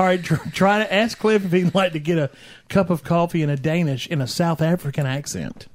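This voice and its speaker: A man's voice: fairly high pitch, brisk. A man co-hosting a casual podcast chat, teasing and swearing, laughing often. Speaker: podcast co-host.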